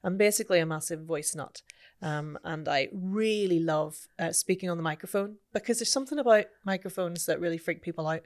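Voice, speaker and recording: A woman voice coach and longtime voiceover artist answering interview questions in an articulate, expressive way. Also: on the low side, brisk. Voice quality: practised microphone voice of a voiceover artist. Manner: articulate and expressive, with playful sound effects. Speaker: voice coach and podcast guest.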